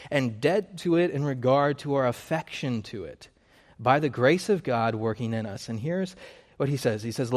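A man's voice: on the high side, a little mellow, big-room sound. A man preaching a sermon in an earnest, emphatic way, hammering points through repetition and correcting himself mid-sentence.

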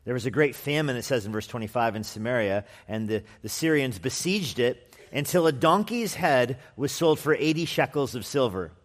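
A man's voice: medium pitch, lively intonation, normal speed, hardly any pauses. A man preaching an expository sermon as pastor in a conversational manner with wry asides, sometimes acting out quoted voices. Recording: long hall reverb.

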